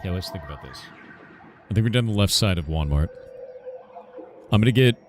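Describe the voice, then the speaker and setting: A man's voice: deep voice, lively intonation, a little fast, over music. A man streaming a game in casual chat, thinking aloud and swearing under his breath as he plays.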